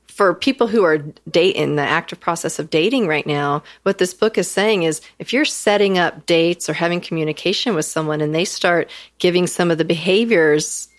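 A woman co-hosting a relationship podcast, telling stories in a lively casual way. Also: on the low side. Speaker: podcast co-host. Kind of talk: casual chat.

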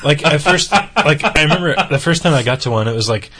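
A man's voice: a little high, animated, brisk, a bit bright, breathy edge. A man co-hosting a podcast, chatting casually and enthusiastically, rambling with restarts. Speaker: podcast co-host. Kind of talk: casual chat.

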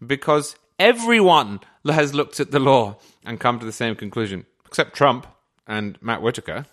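A man's voice: mid-range voice, animated, moderate pace, fairly bright tone. A man from England with a received pronunciation accent, a guest on a podcast making his case in an articulate, emphatic way. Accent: English received pronunciation. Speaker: guest commentator. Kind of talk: podcast conversation.

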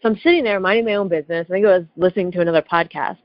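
A woman's voice: fairly low pitch, very fast, dry recording. Heated woman telling a story. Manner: chatty, heated, lots of "like" and "right?". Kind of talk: casual storytelling. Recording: dull lo-fi dry recording.

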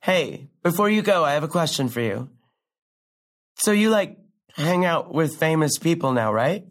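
A woman's voice: sits low, lively intonation, moderate pace. A woman playing a catty, needling old classmate. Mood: passive-aggressive. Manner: passive-aggressive, needling, fake-sweet; peppers speech with "like". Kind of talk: contemporary stage drama dialogue.

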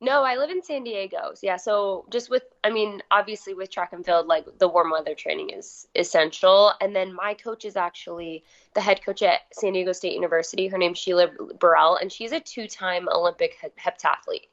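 Young woman, a bit hoarse, casual chat, fillers, lowish pitch, muffled sound. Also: fairly quick, few pauses, a bit bright. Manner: chatty, filler-heavy, uses "like" a lot. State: a little hoarse. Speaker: guest athlete.

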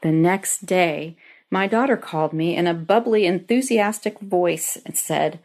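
A woman's voice: on the low side, a little slow, a little mellow. A middle-aged woman reading a personal story aloud in an earnest, heartfelt way, as a lodge member.

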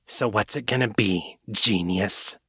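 A man voicing a corrupt male police sergeant, a furred beastman, who makes sneering threats in a lowish voice. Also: measured pace, pushed and bright, breathy edge, no room sound, clean studio sound, heavily acted. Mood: menacing.

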